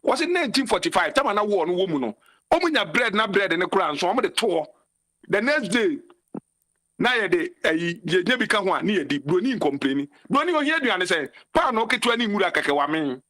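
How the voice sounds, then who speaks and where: A Ghanaian-accented man speaks in a notably high register, calling in to a talk show. His delivery is impassioned and ranting, and he hammers his points home by repeating phrases. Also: sing-song, fairly quick, fairly bright tone. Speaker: caller. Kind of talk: call-in commentary mixing Twi and English.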